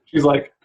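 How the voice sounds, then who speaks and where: A young man from the San Francisco area, a podcast guest telling rambling stories full of laughter and fillers. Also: rough recording. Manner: rambling storyteller, laughs often, many likes. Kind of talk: casual chat.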